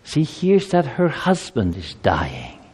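A man's voice: mid-range voice, huge pitch swings, takes it slowly, a little mellow, slightly rough, long reverb tail. A man giving a children's sermon, telling a story with animation and asking the children questions. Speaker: preacher.

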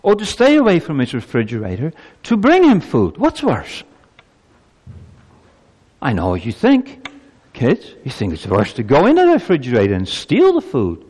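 A man's voice: normal speed, breathy edge. A male pastor delivers a sermon in a church, and his voice rises and falls widely. He presses his points with emphatic rhetorical questions, and a long reverb trails each phrase. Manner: preaching with lively pitch swings and emphatic rhetorical questions.

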